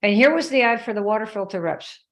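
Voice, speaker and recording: A woman's voice: mid-range voice, animated, fast, fairly bright tone. A woman hosting a live stream, telling a story in a conversational way, checking in with viewers by name and acting out quoted dialogue in her own voice. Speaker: live show host.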